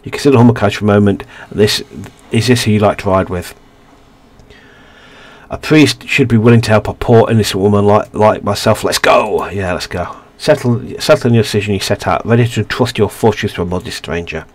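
A man's voice: lowish voice, fairly quick. A man hosting a let's play, reading a narrative game's story aloud with frequent stumbles and restarts.

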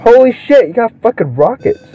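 A young man doing let's play commentary, excitable, swearing constantly and yelling at the game. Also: very high-pitched, a little fast, breathy edge. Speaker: gaming video creator. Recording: muffled lo-fi mic with game music. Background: game music.

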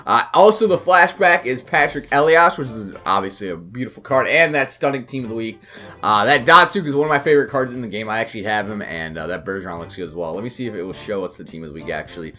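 A young man rambling excitedly through a video game pack opening, full of fillers. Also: fairly low pitch, quick pace. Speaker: gaming YouTuber.

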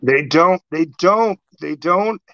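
A middle-aged man hosting a casual chat, an animated storyteller who acts out exchanges. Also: sits high, slow pace. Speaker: podcast host. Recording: dull lo-fi sound.

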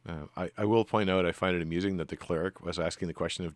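A man's voice: deep voice, fairly even intonation, rapid-fire, no room sound. A man narrating as game master in a tabletop game, rambling a little with frequent ums. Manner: rambling, with many ums and restarts.

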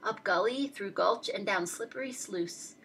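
A woman reading a rhyming picture book aloud in a lively, expressive, sing-song way. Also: mid-range voice, unhurried, a little hiss or hum. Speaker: storyteller.

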